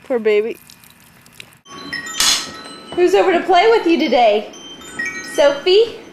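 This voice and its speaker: A woman's voice: extremely high pitch, sing-song, slow pace, over music. A woman filming her toddler outdoors by a pool, chatting to him in sing-song baby talk on a home video.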